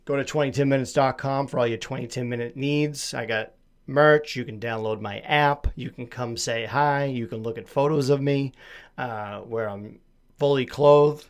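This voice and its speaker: A man from Massachusetts hosts a solo podcast, chatting casually in a rambling, self-deprecating, jokey manner with a slight lisp. His voice is smooth and medium-pitched, at normal speed.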